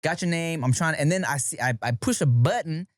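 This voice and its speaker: A man's voice: a little high, brisk, dry recording, clean studio sound. A man hosting a podcast, telling a story in casual chat with slang and swearing. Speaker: podcast host.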